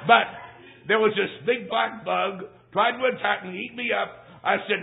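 High-voiced folksy preacher, tinny sound. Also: male voice, animated, moderate pace, gravelly. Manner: folksy, emphatic, swings from hushed to shouting. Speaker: traveling evangelist. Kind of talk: storytelling sermon. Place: church service.

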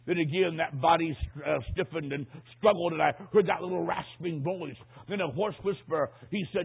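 A man preaching a sermon as he tells a story, swinging dramatically from hushed tones to shouts. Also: a little high, normal speed, vocal fry, hardly any pauses, husky. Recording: tinny phone-line sound.

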